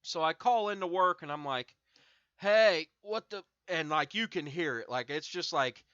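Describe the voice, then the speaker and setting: A man's voice: on the high side, animated, moderate pace, bright, forceful tone, clear, resonant tone, no room sound, lo-fi sound. A young man hosting a stream, smoking and telling a long, profanity-laced story in a rambling, filler-heavy way. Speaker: streamer host. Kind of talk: casual storytelling to chat.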